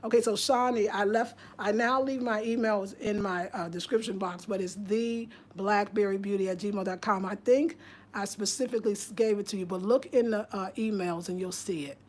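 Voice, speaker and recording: A woman's voice: mid-range voice, fairly even intonation, normal speed, a little mellow. Chatty New York woman on a livestream. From Albany, New York. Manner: chatty, loose, restarts and trails off. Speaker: livestream host. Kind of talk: casual livestream chat reading viewer comments.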